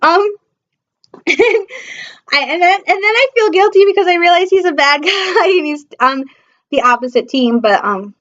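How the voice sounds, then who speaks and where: A woman's voice: very high-pitched, moderate pace. A young woman from Michigan gushing in a casual, rambling fan review, full of fillers and sudden squeals of delight. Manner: excitable, gushing, many fillers, bursts into squeals. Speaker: fan vlogger. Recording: dull lo-fi audio.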